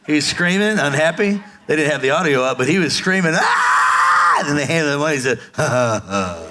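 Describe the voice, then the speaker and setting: A man's voice: fairly high pitch, quick pace, raised voice, very noisy. A man preaching a sermon as pastor, acting out quoted voices and calling on the congregation to respond. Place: church sanctuary before a congregation.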